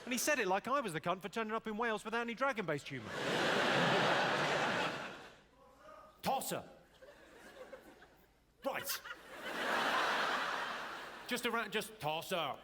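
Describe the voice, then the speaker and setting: High-voiced man doing sharp, swearing stand-up. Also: lively intonation, unhurried, long pauses. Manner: dry, cutting, swears freely, mimics regional accents. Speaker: stand-up comedian. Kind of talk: stand-up set with crowd work. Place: live comedy arena. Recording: loud audience noise from a stage recording.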